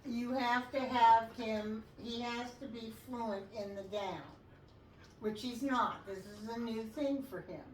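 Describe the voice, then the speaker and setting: A woman working as a dog trainer talks through a session at an unhurried pace. Her voice sits a bit high and she gives calm instructions, then lifts into bright praise for the dog. The sound is roomy and picked up from some distance, with a faint hiss underneath. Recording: echoey, distant mic, faint noise.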